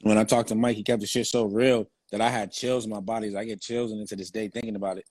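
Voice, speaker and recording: Laid-back, low-voiced man spinning stories. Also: level tone, fast, darkish tone, no room sound. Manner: slang-heavy, profane, laid-back storytelling. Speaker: guest, former football player. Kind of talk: casual storytelling interview.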